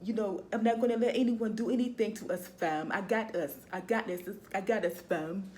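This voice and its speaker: A woman's voice: mid-range voice, brisk, warm tone, slight background noise, natural voice. A woman playing a young male gang member who talks in street slang and sounds reassuring.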